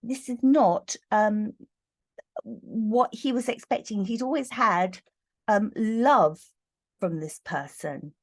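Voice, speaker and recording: A woman giving an earnest, halting tarot reading to camera, with many fillers and growing emotion. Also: medium pitch. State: getting emotional. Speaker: tarot reader.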